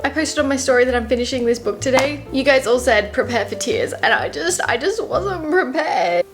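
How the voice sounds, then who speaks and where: A woman's voice: high-pitched, animated, moderate pace, faint music behind. A young woman vlogging about books in a casual, rambling way, openly emotional and gushing about what she reads. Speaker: book vlogger. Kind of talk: casual reading vlog.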